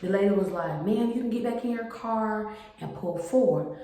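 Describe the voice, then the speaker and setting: A young woman casually telling a storytime about her car, chatty and animated, acting out the people in her story. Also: mid-range voice, normal speed. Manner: chatty, animated retelling with quoted voices. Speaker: vlogger. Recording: very echoey room with faint noise.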